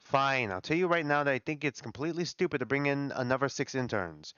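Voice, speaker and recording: Man reading as a dismissive doctor, curt objections, lively pitch, dry lo-fi sound. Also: fast, clean tone, no room sound, close to an everyday voice. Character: blunt, dismissive male doctor arguing against hiring. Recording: dull lo-fi dry audio.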